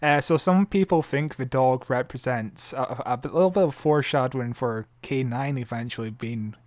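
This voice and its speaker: A man co-hosting a podcast in casual chat, thoughtful and hesitant, often trailing off softly. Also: mid-range voice, moderate pace, no echo. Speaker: podcast co-host.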